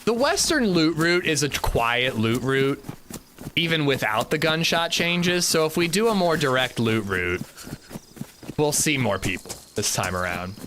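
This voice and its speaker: A man chatting casually on his live game stream, thanking viewers and reading out their names in quick bursts. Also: fairly high pitch, lively intonation, noisy background.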